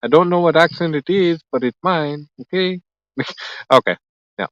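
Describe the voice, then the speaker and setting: Here a livestream host with a fairly high voice speaks at a moderate pace, chatting and cracking jokes beside a lake at night as he reads out and replies to viewer comments. His manner is relaxed, and the recording has no echo but sounds dull.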